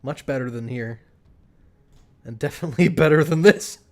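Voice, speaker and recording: A man's voice: mid-range voice, moderate pace, a little mellow. Rambling casual male streamer. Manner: rambling, restarts, laughs at himself. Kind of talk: casual live-stream chat.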